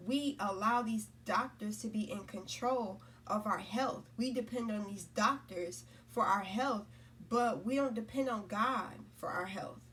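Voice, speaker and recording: Speaking unhurriedly in a medium-pitched, slightly bright voice, a woman who makes spiritual content talks casually and repetitively, frequently asking "right?" and "you know?". She's recorded from a distance with slight background noise.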